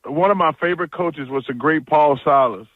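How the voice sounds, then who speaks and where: A man's voice: on the high side, fairly quick, no room sound, phone-quality sound. A man chatting as a guest analyst on a radio show, blunt and jokey, telling stories with lots of restarts. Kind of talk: casual phone-in radio chat.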